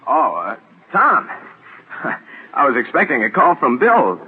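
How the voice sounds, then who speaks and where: An actor playing a nervous, greedy scheming writer who stammers when flustered, in 1940s radio acting on a dull old broadcast. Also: male voice, mid-range voice, wildly swooping pitch, takes it slowly, slight background noise.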